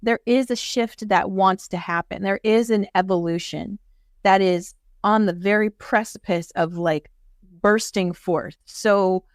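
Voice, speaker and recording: At a measured pace and in a mid-range voice, a woman guest explains spiritual ideas earnestly during a casual interview chat, acting out quoted voices as she goes. The sound is clean and studio-like, with no room sound.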